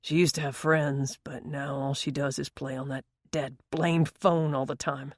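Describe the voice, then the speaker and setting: A woman reads a gruff, tired working father in an audiobook, rumbling and grumbling with a hesitant, rough edge. The read is dry and close, in a lower voice. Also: little pitch movement, unhurried, no room sound.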